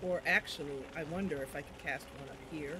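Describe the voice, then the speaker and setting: A woman hosting a livestream, talking in an excitable, giggly, expressive way as she plays a fantasy game at home. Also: deep voice, a little fast, background noise. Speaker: streamer and host. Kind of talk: livestream gameplay commentary.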